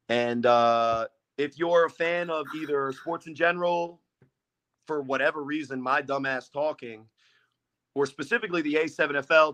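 Bright, slightly high male podcast guest, self-deprecating, swears casually. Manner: joking, self-mocking, swears freely. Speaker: podcast guest, football quarterback.

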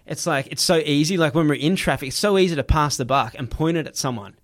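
A man telling a personal story in casual chat, animated, laughing and swearing freely. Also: a little high, fast.

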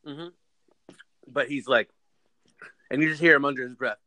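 Animated man recapping a movie. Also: medium pitch, moderate pace, no room sound, rough recording. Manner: animated storyteller, swears freely. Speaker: podcast co-host. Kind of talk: casual movie recap chat.

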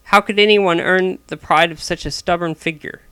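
A man narrates a story aloud, stumbling now and then and correcting himself. His voice is bright, smooth and a touch high, recorded close and dry. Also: steady tone, moderate pace, dry recording. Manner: frequent small restarts.

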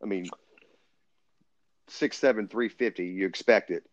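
Blunt cursing man, low voice, dry muffled lo-fi audio. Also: unhurried, dry recording. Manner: blunt, profane. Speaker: podcast co-host. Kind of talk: casual sports chat. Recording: dull lo-fi dry sound.

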